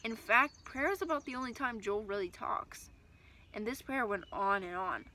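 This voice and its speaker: A woman reading a first-person children's story aloud, with expressive, lively storytelling. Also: fairly high pitch, moderate pace, slight background noise.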